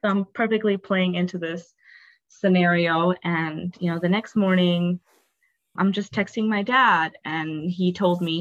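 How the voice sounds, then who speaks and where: A young woman from Texas, an interview guest, telling a personal story candidly and haltingly, often saying "like" and acting out what others said. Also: fairly low pitch, poor audio. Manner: candid, halting, acts out quoted dialogue, frequent "like".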